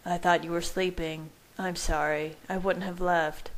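A tender, protective young man, read by a woman in her own low voice for a fan fiction reading. He speaks slowly in a murmur. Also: level tone, natural voice. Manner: slow, murmured.

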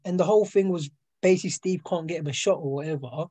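A man's voice: on the high side, fast, mellow, husky. A man guesting on a casual boxing chat, telling frank stories and acting out quotes. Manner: storytelling, acts out quotes, frank.

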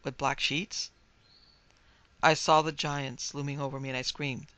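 A woman narrating a first-person dark fantasy story with vivid, dramatic delivery. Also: extremely low pitch, little pitch movement, unhurried, long pauses, no room sound. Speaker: narrator and producer.

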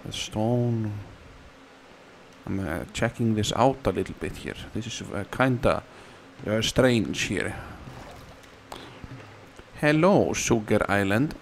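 A man casually commenting on his game, playful and sing-song, now and then squealing words in a high silly voice. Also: slow, vocal fry, slight background noise. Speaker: gamer.

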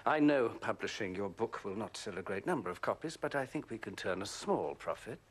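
An actor playing a polite, reserved young Edwardian male book publisher who speaks gently and courteously. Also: lowish voice, animated, fairly quick, breathy edge. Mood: businesslike. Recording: film clip with score behind.

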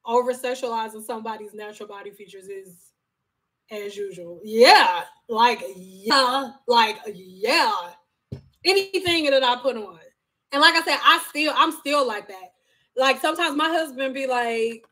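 A woman in her thirties talks straight to her viewers in a high, bright-pitched voice. Her chat is loose, frank and full of jokes and profanity. She acts out the people in her stories with lively quoted voices. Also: a little slow. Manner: animated storytelling with acted quotes. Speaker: vlogger. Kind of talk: casual chat.

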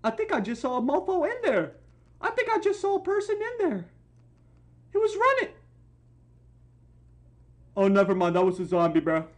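A woman hosting a comedic reaction video, loud and incredulous, swearing and exclaiming, dropping to a low voice and jumping back high for the jokes. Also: huge pitch swings, moderate pace, pauses often. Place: at home. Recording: noisy home recording.

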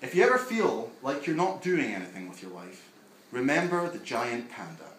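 A man's voice: medium pitch, sing-song, normal speed, a bit bright. Wry young male stand-up comic. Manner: wry, self-deprecating, chatty with the front row. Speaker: stand-up comedian. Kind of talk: live stand-up set. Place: small basement coffee house venue. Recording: echoey room with audience noise. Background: audience ambience and laughter.

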